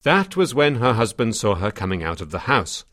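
Reasoning detective voiced by a man, lowish voice, measured, dry audiobook. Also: big pitch swings, a bit bright, no echo. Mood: explaining. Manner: measured, explanatory. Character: calm, reasoning detective explaining a theory. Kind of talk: audiobook drama.

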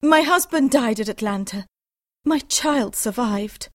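A woman's voice: fairly high pitch, lively intonation, a little slow, no room sound, clean studio sound. An actress playing a devoted young wife and mother confessing a secret in an audiobook drama, earnest and pleading.

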